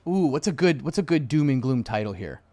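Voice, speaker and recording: A man's voice: mid-range voice, sing-song, brisk, mellow. A man hosting a live stock trading stream, chatting to viewers in a brash, mocking way and muttering to himself now and then. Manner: brash, mocking, talks to chat; muttering to himself while writing.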